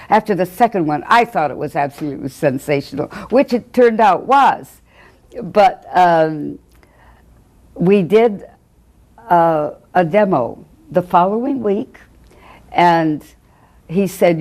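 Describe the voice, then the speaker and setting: Older woman, interview recollection, low warm voice, chatty storyteller. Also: unhurried. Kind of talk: archival interview anecdote.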